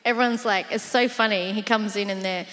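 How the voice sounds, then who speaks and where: A woman guest, telling her faith story in a casual interview, animated and quick to laugh as she acts out what others said. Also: medium pitch, long reverb tail, a little hiss or hum.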